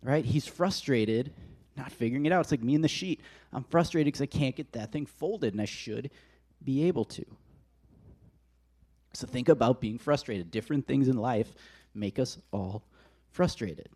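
A man preaching a conversational sermon, telling the story in a casual, animated way. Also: mid-range voice, moderate pace, husky.

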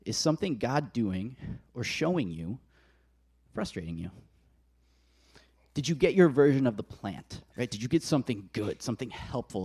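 Casual, animated male preacher. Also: mid-range voice, slightly rough. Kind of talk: conversational sermon.

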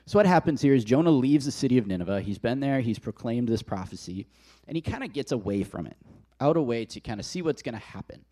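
Casual, animated male preacher. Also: mid-range voice, quick pace. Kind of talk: conversational sermon.

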